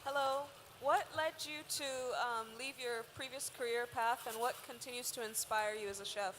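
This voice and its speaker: Woman, audience question, high voice, deliberate, reverberant hall from afar. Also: fairly even intonation, fairly bright tone, a little hiss or hum. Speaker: audience member asking a question.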